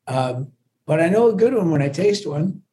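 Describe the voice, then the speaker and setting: Husky, mellow-voiced man chatting. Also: a little high, animated, moderate pace. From Scotland. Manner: friendly, rambling with many restarts. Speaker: musician guest. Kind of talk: casual interview chat.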